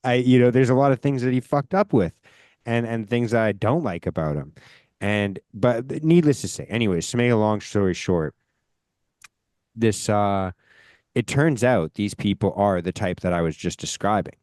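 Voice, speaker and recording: A man from Canada holds forth as a podcast host in casual chat, his voice sitting a little low. He rambles and swears freely, hitting words with emphasis. The sound is close and dry. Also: moderate pace, darkish tone, dry recording. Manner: profane, emphatic, rambling storyteller.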